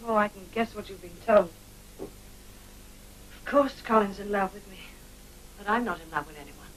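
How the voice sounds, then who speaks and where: An actress playing a reserved young fashion model in a 1950s crime film, speaking in a hushed, careful way. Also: female voice, mid-range voice, normal speed, far from the mic, a little hiss or hum, close to an everyday voice, low-quality recording. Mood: guarded. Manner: reserved, hushed, then sharp.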